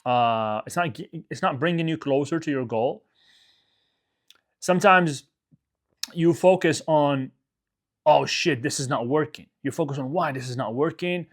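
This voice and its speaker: A man's voice: a little high, unhurried, long pauses. A male coach giving a motivational talk to his audience, emphatic, repeating his phrases and often checking in with "okay?".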